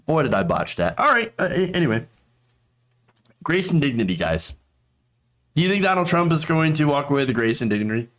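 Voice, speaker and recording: A man's voice: a little high, sing-song, brisk, long pauses, fairly bright tone. A man hosting a political commentary show, talking in a sarcastic, mocking way.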